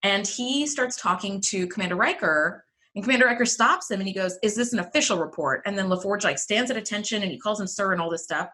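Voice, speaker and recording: A young adult woman co-hosting a podcast in animated casual chat, laughing often and saying "like" a lot. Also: medium pitch, fast, hardly any pauses. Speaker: podcast co-host.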